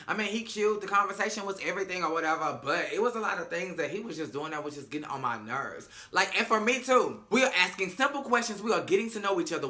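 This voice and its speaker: A man's voice: high voice, bright, forceful tone. A man giving a casual reality-show recap, sassy, emphatic and profane.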